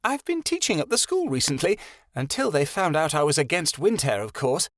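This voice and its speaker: A man's voice: fairly high pitch, big pitch swings, brisk, a bit bright, no room sound, studio quality, voice pushed up. A man voicing an emotional young woman, a loving older sister with a quivering, heartfelt way of talking. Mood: tearful.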